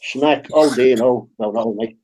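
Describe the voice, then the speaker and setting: A man's voice: medium pitch, normal speed, mellow, husky. A man chatting casually in a blunt way and swearing offhandedly. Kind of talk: casual chat. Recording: dull lo-fi sound.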